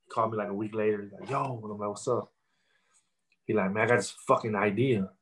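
In a casual interview, a rapper in his thirties tells stories with plenty of swearing and repeated fillers. His voice sits fairly low and moves quickly, and his delivery is profane and animated.

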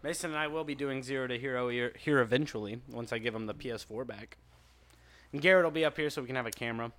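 A young man hosting a casual gaming chat, animated, laughing often and swearing. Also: mid-range voice, fast talker. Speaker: podcast host.

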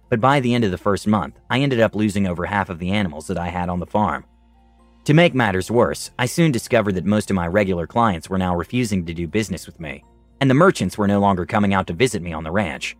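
Guy narrating a fantasy story, low voice but super animated, dry close mic, soft music behind. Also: quick pace, no room sound. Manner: dramatic storytelling, lively rise and fall.

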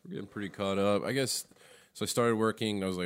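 A man's voice: on the low side, fast, clean tone. A man chatting casually as a comedian guest, laid-back and full of fillers and chuckles. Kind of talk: casual podcast chat.

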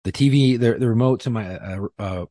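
A man, a police officer, telling a story in casual podcast talk, profane and animated, acting out what people said. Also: medium pitch, fairly quick, no room sound. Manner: profane, animated, acts out quotes.

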